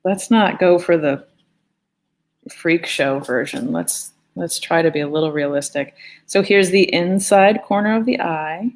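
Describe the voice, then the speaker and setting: A woman's voice: fairly low pitch, measured pace. A woman teaching a live online drawing lesson in a chatty, playful way, talking as she draws. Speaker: art teacher. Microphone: phone.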